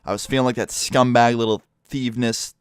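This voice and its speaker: A man's voice: mid-range voice, steady tone, a little fast, smooth, no room sound. A young man telling a rambling, self-mocking story with lots of swearing, speaking into a close mic. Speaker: YouTuber. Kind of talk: casual storytelling vlog.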